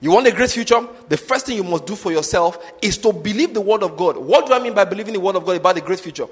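High-pitched male preacher, emphatic, keeps asking if you get his point, lots of hall reverb. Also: animated, fast talker. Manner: emphatic, repeats rhetorical questions to the congregation. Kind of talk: sermon.

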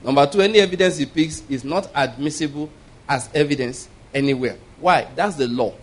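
A man's voice: a little high, fairly quick, slightly rough. A man preaching a sermon, telling a story with frequent chuckles and repeated words.

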